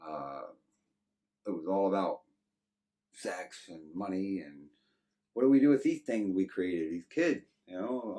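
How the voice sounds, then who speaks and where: A man's voice: sits low, sing-song, measured pace, pauses often, a little mellow, distant mic. A man in his thirties with a Texan accent, telling his life story to an interviewer in a loose, rambling way full of "you know". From Texas. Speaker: guest.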